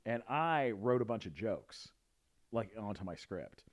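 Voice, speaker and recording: A man's voice: on the low side, lively intonation, a little slow. A man telling a story in casual chat, rambling with many fillers and restarts. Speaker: guest.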